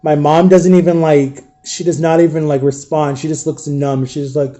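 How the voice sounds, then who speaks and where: A man recounting a painful story in an emotional storytime vlog, subdued and grieving, halting and repeating himself. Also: fairly high pitch, mellow, highs cut off. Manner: halting, repetitive retelling. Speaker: vlogger.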